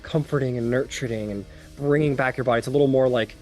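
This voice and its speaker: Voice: mid-range voice, fast talker, soft background music. A game master narrating a tabletop game in a casual, filler-heavy way. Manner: casual, lots of fillers, lively.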